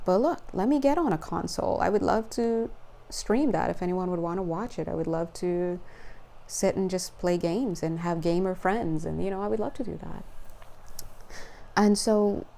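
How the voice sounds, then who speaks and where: A young woman hosting a casual card-reading video, chatty and rambling, laughing often and getting excited as she talks. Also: fairly low pitch, moderate pace, creaky. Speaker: spiritual card reader.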